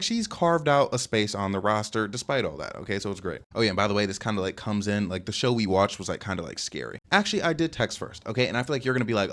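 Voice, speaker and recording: A man in his twenties, rambling through a casual dating storytime with lots of fillers and sudden jumps in pitch. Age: 20s. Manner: fast rambling talk with many fillers, lively jumps in pitch; reads text messages aloud in a lower, softer voice. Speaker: vlogger telling a dating story.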